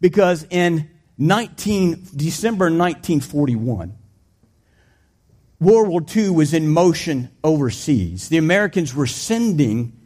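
Animated man preaching with a personal story. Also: a little slow. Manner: animated storytelling, rises high when excited; plain, conversational preaching with restarts. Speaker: pastor.

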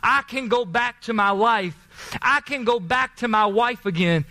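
A man's voice: high-pitched, steady tone, brisk, fairly bright tone. A man voicing an impatient army commander who rambles and repeats himself in exasperation. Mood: overjoyed. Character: impatient, fed-up male army commander seeking a cure.

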